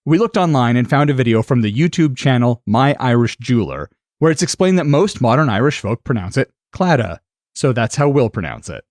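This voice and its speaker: Male podcast host, animated delivery, dry close sound, chatty. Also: mid-range voice, brisk, hardly any pauses, no echo. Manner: laughs often, chatty. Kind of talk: casual chat.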